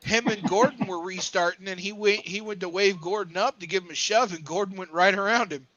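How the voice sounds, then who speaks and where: A man's voice: high-pitched, brisk, sharp tone. A man co-hosting a podcast, chatting casually about sports with emphatic, teasing remarks. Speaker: podcast co-host. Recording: muffled lo-fi audio.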